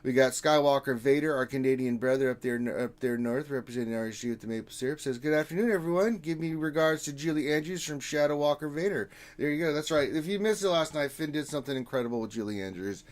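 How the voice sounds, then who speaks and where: A man's voice: a little high, fast talker, hardly any pauses. A man hosting a casual live stream, reading viewer comments aloud with easygoing, jokey banter. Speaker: livestream host.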